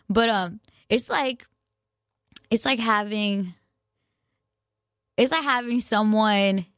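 A young woman vlogger with a medium-pitched voice chats casually to camera for her viewers, rambling, poking fun at herself and using lots of slang and restarts. The sound is clean studio quality with no echo.

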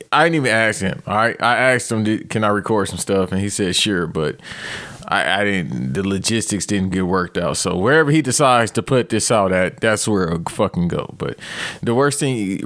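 A man in his thirties hosts a podcast and delivers a comedic rant, loose and profane, breaking into animated outbursts. His voice is on the low side, he speaks at normal speed, and there's no room sound.

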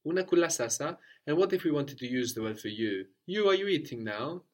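A man's voice: a little high, lively intonation, a little fast. A man teaching a language lesson, patiently prompting his student and repeating her answers.

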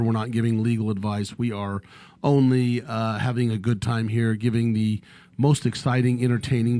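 Man, radio talk show host, casual rambling banter, middle-pitched. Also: a little mellow. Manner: rambling, restarts, chuckling teasing.

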